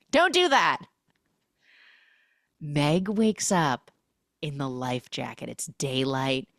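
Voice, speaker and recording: A woman's voice: a bass voice, dry recording, studio quality. A woman hosting a podcast, animatedly recapping a film, acting out the characters' lines and humming the score.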